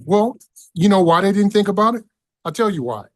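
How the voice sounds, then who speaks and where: A middle-aged man talking as a podcast guest, excitable and profane, often stumbling over his words. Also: high voice, a little fast. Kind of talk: casual political chat.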